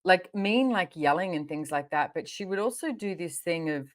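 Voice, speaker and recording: Low-pitched female host; lively, anecdotal, conversational interview delivery. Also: moderate pace. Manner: animated storytelling, frequent laughter. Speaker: podcast host.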